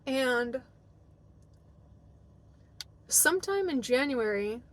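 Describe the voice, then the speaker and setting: A woman's voice: high voice, animated, very slow, fairly bright tone. A young woman vlogger telling her own story in a casual, emotional way, acting out past arguments and saying "like" a lot. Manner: emotional, re-enacts past arguments, heavy use of "like".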